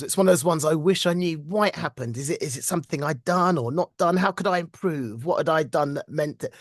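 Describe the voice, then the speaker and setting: Animated British voice actor, dry sound. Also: male voice, a little high, no room sound. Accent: British English. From Britain. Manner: animated, self-deprecating storytelling, frequent laughs. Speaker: voice actor guest. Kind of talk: casual interview chat.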